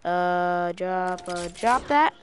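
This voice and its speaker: A woman giving excitable, chatty, rambling commentary while playing a game with friends. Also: on the low side, extremely slow, background noise. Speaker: gaming video host. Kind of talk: casual gameplay commentary.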